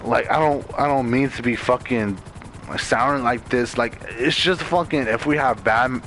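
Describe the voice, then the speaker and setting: A young man from Maryland vents to a friend on voice chat, rambling through profanity and endless "like" fillers. His voice sits at an ordinary middle pitch and comes through a headset from his bedroom, with a faint hiss of noise underneath. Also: moderate pace, fairly bright tone, poor audio. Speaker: gamer in voice chat. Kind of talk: casual venting chat. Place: bedroom at home.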